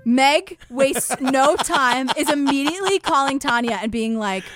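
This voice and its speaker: High-voiced chatty woman podcaster. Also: lively intonation, unhurried, fairly bright tone, faint music behind. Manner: chatty, profane, self-deprecating storyteller. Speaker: podcast co-host. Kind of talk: casual chat recapping a documentary.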